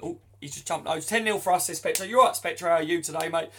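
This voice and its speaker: Reading viewer comments and laughing with them, a young man hosts a casual football stream at a quick pace. His voice, a bit high for a man, sounds pushed and bright, with slight noise in the background.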